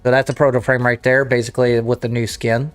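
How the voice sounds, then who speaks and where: A man hosting a casual gaming livestream, talking off the cuff with frequent restarts and throat-clearing. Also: medium pitch, flat delivery, fast talker, soft background music. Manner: rambling, self-interrupting, clears throat. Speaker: livestream host.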